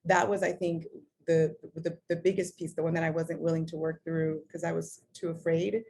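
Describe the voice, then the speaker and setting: A woman's voice: deep voice, little pitch movement, moderate pace, creaky, mellow, slightly rough. A middle-aged woman talking candidly as an interview guest, swearing casually and acting out her own past words. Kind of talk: casual conversation.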